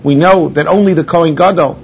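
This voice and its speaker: A rather high-voiced man gives a religious lesson, stopping to gloss Hebrew terms in plain English. The recording sounds dull and lo-fi, with a faint rumble underneath. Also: a little fast, creaky. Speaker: rabbi teaching a class. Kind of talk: Torah lesson on mourning laws.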